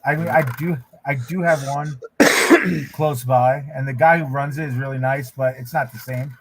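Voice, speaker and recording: A man's voice: medium pitch, normal speed, very noisy. Casual male streamer, chatting while he draws, loose and rambling, full of restarts. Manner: rambling, relaxed, frequent restarts. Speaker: livestream host, artist. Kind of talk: casual livestream chat while drawing.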